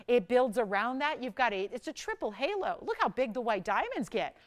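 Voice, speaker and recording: A woman host on a live shopping channel, middle-aged, with a smooth, clean voice that sits slightly high. She sells jewelry with urgent, insistent countdown pitches that keep pressing the viewer to call now. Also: sing-song, a little fast. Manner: urgent, countdown-style price reveals.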